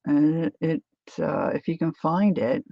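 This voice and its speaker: A woman's voice: low-pitched, animated, measured pace, vocal fry, husky, dry recording, muffled recording. A woman hosting a craft livestream, rambling chattily through a demo and answering viewer comments.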